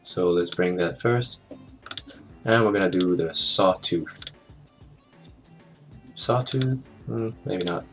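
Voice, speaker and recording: Man with a deep voice, casual software tutorial narration, background music playing clearly behind. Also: measured pace. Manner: casual, thinks aloud with fillers and small jokes. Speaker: animation tutorial host.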